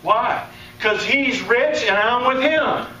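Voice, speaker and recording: Man preacher, animated sermon, bright high voice, echoey hall, picked up from a distance. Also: slow pace. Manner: animated, acts out quoted voices, laughs. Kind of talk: conference sermon. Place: conference hall. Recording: echoey hall, distant mic, faint room noise.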